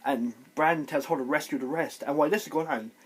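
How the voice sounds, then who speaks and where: A man giving a casual, excitable video review, retelling scenes with lively exclamations. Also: on the high side, fast talker, husky. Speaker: TV show reviewer.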